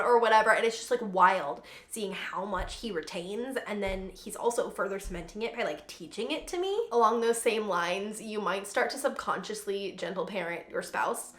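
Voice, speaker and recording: A woman's voice: medium pitch, expressive, moderate pace, few pauses, a bit bright. Chatty young woman in an echoey room. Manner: chatty, earnest, frequent "like" fillers. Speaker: parenting vlogger. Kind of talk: casual advice vlog.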